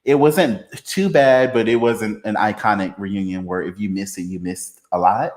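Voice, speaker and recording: A man hosting a casual livestream chat, reading viewer comments aloud, laid-back and quick to laugh, a little tipsy after a few beers. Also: on the low side, fairly even intonation, darkish tone. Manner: laid-back, laughs often, drawn-out fillers. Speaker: livestream host.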